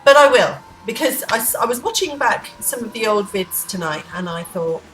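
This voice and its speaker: A woman rambles playfully through an unplanned vlog chat at home. Her voice is a little high and very animated. She is recorded from some distance in an echoey room, with faint music in the background. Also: normal speed. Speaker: vlogger. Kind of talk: unplanned casual chat to camera.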